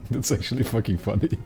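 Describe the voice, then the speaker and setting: Very deep-voiced young man streaming. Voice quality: naturally very deep voice. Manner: rambling, joking, profane, many fillers. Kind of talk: casual game-stream chat.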